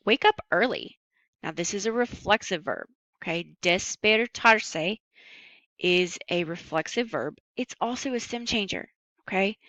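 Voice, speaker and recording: A woman with a bright, clear voice walks students through a recorded lesson. She stays patient and upbeat and slows right down on the Spanish words. The sound is dry and close. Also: mid-range voice, no echo, poor audio. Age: adult. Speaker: Spanish teacher.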